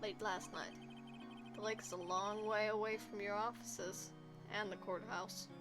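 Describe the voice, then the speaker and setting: A woman's voice: mid-range voice, level tone, unhurried, over music, natural voice. A woman voicing a cool, arrogant young male prosecutor in a posh British accent, curt and condescending. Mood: guarded.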